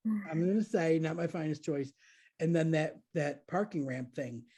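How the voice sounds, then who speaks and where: A woman in her thirties telling a story in casual chat, lively and laughing, jumping into high voices to act out quotes. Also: normal speed, slightly rough. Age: 30s.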